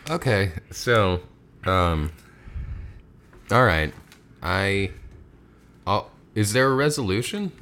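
A man's voice: on the low side, animated, slow, long pauses, a bit bright. A man co-hosting a casual podcast, teasing and cracking jokes. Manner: jokey interjections, teasing. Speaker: podcast co-host.

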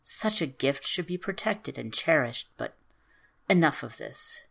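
A woman voicing a stern yet tender male fairy who speaks low, slow and quietly intense. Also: animated, vocal fry, exaggerated voice. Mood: quiet, gentle.

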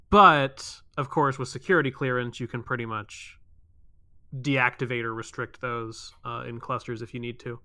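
A man's voice: a little high, sharp tone, clean tone, dry recording, clean studio sound. A man narrating a tabletop game as game master, describing scenes with loose asides.

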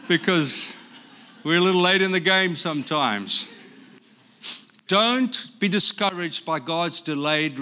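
A man from Africa, a pastor, preaching a sermon in an animated, storytelling way. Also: on the high side.

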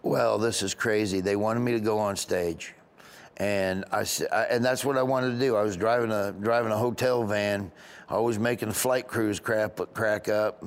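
A middle-aged man with a Southern US accent, a comedian telling stories in a casual interview, rambling and animated. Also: on the low side, normal speed, clean tone. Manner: rambling, animated, acts out other voices. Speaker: comedian guest.

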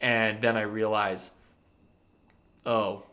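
A dentist telling a funny story from his practice in a casual chat, animated and often laughing. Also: mid-range voice, moderate pace. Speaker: podcast co-host.

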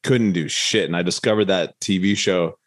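Deep-voiced laid-back podcast host. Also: male voice, moderate pace. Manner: laid-back, swears freely. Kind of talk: casual chat.

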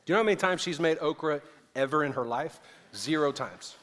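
Man, pastor, sermon, raised pitch, long hall reverb, loud-to-hushed swings, chatty asides. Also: expressive, a little fast. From American South.

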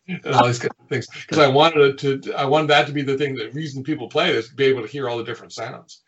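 A middle-aged man, a game designer, telling stories from his past work in a lively way, often chuckling and acting out what people said. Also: medium pitch, quick pace, few pauses, lo-fi sound. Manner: lively storyteller who chuckles often and acts out quotes. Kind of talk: reminiscing anecdotes in an interview.

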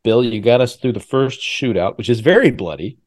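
A man hosts a relaxed podcast chat. His pitch rises and falls a lot as he teases his guests. He talks loosely and casually. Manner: animated, quick to tease. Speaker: podcast host.

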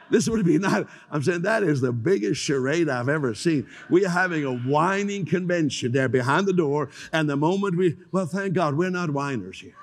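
An older man preaching a sermon as pastor, telling stories with animated acted-out voices. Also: fairly high pitch, a little fast, long reverb tail. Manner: animated storytelling, acts out voices.

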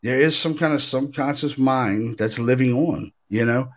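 Guy hosting a paranormal chat, rambling and animated, lots of uhs. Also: medium pitch, normal speed. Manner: animated storyteller, many fillers and restarts. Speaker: podcast host, paranormal investigator. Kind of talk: casual chat.

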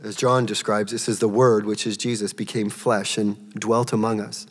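A man preaching a sermon in a church, emphatic, his voice jumping high as he acts out quotes. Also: flat delivery, normal speed, big-room sound. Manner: emphatic, rising to a high pitch when acting out quotes. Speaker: pastor.

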